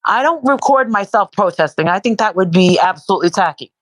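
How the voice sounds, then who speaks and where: A woman's voice: medium pitch, lively intonation, a little fast, no echo, poor audio. A woman being interviewed in casual chat, talking bluntly and profanely and repeating herself in bursts. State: sore and worn out from protesting. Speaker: interview guest.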